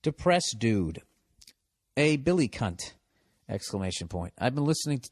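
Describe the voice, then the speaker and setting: A man's voice: lowish voice, very animated, normal speed, breathy edge, no room sound. A man with a Boston accent hosting a podcast, riffing sardonically and profanely on listener letters. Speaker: podcast host. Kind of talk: casual comedic monologue.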